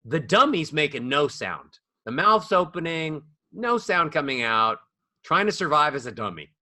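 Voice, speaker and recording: A man's voice: a little high, big pitch swings, moderate pace, sharp tone, no echo, studio quality. A middle-aged man, a voice coach being interviewed, talking in a demonstrative way and shifting volume and melody to show his examples. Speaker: voice coach guest. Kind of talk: animated interview talk. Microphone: small ball microphone close up.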